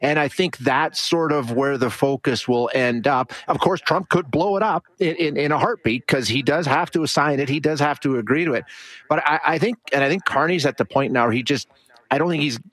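A man speaking as a panelist in a political discussion, halting and exasperated, with frequent restarts. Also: fairly high pitch, a bit bright, dry recording. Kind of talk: casual political panel talk.

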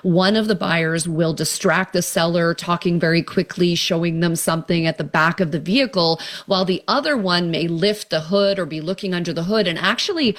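Woman, consumer protection expert, radio interview guest, chatty and explanatory, lowish voice. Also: brisk, few pauses.

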